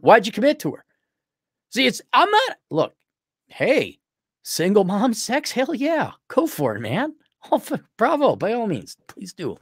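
A man's voice: no room sound, studio quality. A man hosting an advice show, giving blunt, mocking advice in a brash rant. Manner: brash and mocking, lively swoops in pitch.

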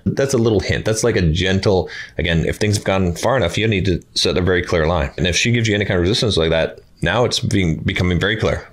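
Blunt, deep-voiced man giving dating advice. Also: quick pace, a bit bright. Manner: blunt, emphatic, acts out quoted lines with higher pitch. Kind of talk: casual advice monologue.

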